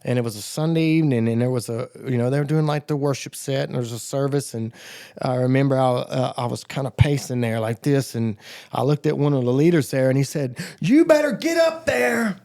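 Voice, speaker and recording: A man's voice: medium pitch, steady tone, fast, gravelly, dark tone. A man from the Southern United States, a podcast guest telling his recovery testimony in a loose, rambling way, often acting out the voices of people he quotes. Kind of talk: casual storytelling.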